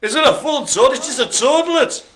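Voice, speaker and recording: Bright-voiced man calling bingo. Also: very high-pitched, a little fast. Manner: playful, punning, laughing often. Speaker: bingo host. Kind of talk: jokey live bingo calling. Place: care home activity room.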